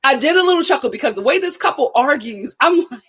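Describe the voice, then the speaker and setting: Lively high-voiced woman reviewing TV. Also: quick pace, lo-fi sound. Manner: animated, laughs often, acts out quotes. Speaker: reality TV reviewer, channel host. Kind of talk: casual live show review.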